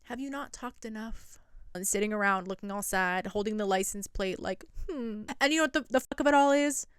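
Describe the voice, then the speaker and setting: A woman's voice: medium pitch, fairly quick, fairly bright tone, smooth, no room sound, clean studio sound. A young woman recapping a reality show in casual, sarcastic commentary. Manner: chatty and sarcastic, quotes people in mock voices. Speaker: recap vlogger.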